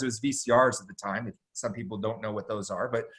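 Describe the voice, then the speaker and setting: A middle-aged man, a podcast guest, telling a long story in a casual, animated way, full of slang and "dude". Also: medium pitch, fast talker, hardly any pauses. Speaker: podcast guest, jiu-jitsu instructor.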